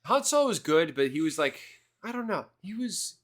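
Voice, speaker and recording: A man co-hosting a podcast, chatting through movie commentary in a halting way, full of fillers and restarts. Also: high-pitched, very animated. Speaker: podcast co-host. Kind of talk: casual movie commentary chat.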